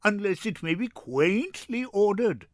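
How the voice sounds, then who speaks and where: A man's voice: high voice, animated, measured pace, dry recording, clean studio sound, voice pushed up. A man reading a plotting young gallant. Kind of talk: dramatic reading.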